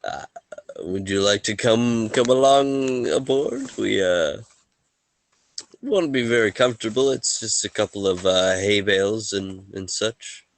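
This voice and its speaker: A man's voice: on the low side, expressive, unhurried, no echo. A man voicing a humble, easygoing male merchant in a tabletop game, rambling with fillers. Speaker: game master voicing a character. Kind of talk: tabletop role-play.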